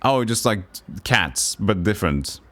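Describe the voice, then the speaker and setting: A Norwegian man streaming a puzzle game, thinking aloud in halting, self-correcting English. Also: lowish voice, expressive, a bit bright. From Norway. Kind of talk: live game commentary.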